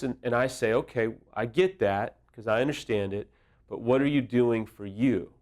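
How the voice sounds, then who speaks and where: A man's voice: mid-range voice, normal speed, darkish tone. A man speaking as an affair recovery counselor, giving earnest, direct advice in a conversational way and drawing on personal stories. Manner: earnest, personal and direct, illustrates points with anecdotes.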